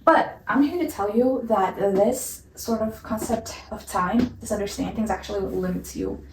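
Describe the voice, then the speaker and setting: A woman's voice: medium pitch, moderate pace, slight background noise. A young woman explaining an idea in a casual vlog, earnest and hedging, with repeated disclaimers that she is no expert. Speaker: vlogger. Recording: roomy echo, mic at a distance.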